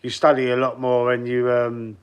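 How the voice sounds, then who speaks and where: A man's voice: mid-range voice, completely flat delivery, normal speed, clean tone, highs cut off. A Cockney man from the East End talks loosely to his viewers on a live stream and calls them by name. His talk rambles, with restarts and asides, and it stays casual from start to finish. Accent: East End London (Cockney). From London, East End. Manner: speaks straight to chat viewers by name. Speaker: football fan live streamer. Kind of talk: casual live stream chat, reading out comments.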